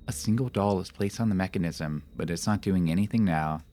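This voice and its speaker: A man's voice: low-pitched, brisk, hardly any pauses, faint music behind. A young man chatting casually on a live game stream, rambling and reacting jumpily. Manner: animated, jumpy reactions, rambling anecdotes.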